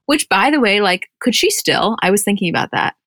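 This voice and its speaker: A woman's voice: mid-range voice, very animated, brisk, a bit bright, no room sound, studio quality. A woman co-hosting a casual recap podcast, chatty and rambling, acting out quotes and laughing often. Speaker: podcast co-host.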